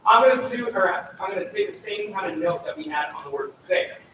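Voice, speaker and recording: A man's voice: high-pitched, brisk, bright, forceful tone, slight background noise. A man coaching a young choir, speaking and singing phrases to demonstrate, heard from far off in a large room. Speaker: choir clinician. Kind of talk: choir rehearsal instruction. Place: large echoey rehearsal room. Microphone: far room recording. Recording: echoey hall recorded from far off.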